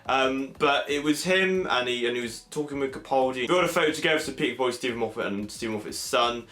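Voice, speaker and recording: Young man, from England, chatty vlog recap, bright voice, echoey room. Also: medium pitch, fast talker. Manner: chatty and excitable, many fillers, quotes others in an animated voice. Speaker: vlogger. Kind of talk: casual convention recap vlog.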